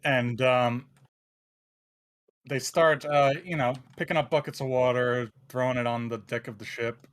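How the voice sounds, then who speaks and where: A man narrating as game master of a tabletop game in a relaxed way with many fillers. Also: medium pitch, unhurried, clean tone.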